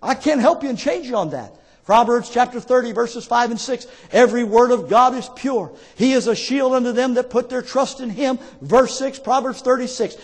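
A man preaches a fervent sermon in a strikingly high voice. His exhortations climb into pleading calls to his listeners. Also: animated, a little fast. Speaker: pastor.

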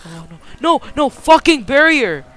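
A man giving profane, excitable commentary over a video game, slipping into Spanish slang, on a cheap headset mic. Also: very high voice, unhurried, soft background music. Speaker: gamer. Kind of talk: gameplay commentary.

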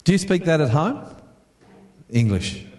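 Australian pastor telling a story. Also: male voice, on the high side, sing-song, a little slow, darkish tone, reverberant. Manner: chatty, repeats words, asks the audience questions. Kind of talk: storytelling sermon.

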